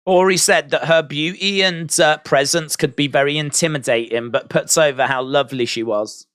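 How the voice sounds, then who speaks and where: A man commentating casually over a live stream, chatty and quick to laugh at what he hears. His voice sits a little high, and the sound is dry and close to the mic. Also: fairly bright tone, no echo. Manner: chatty, reacting with laughs and asides. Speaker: host of a wrestling watch-along stream.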